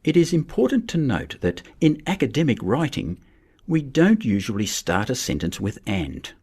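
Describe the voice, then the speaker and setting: A man giving a measured, scripted narration for a lesson on writing. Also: mid-range voice, big pitch swings, a little mellow, breathy edge. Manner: measured, explanatory. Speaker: teacher.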